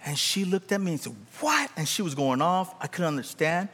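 Young male pastor from Korea, animated storytelling sermon, fairly high voice, big hall reverb. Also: fairly quick, slightly rough. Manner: animated, calls out to the congregation.

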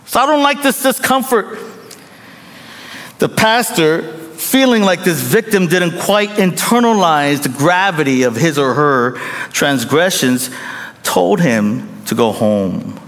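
A man preaching a sermon as a pastor, telling a story with lively acted-out quotes and calls to the congregation. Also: a little high, slow pace, long reverb tail.

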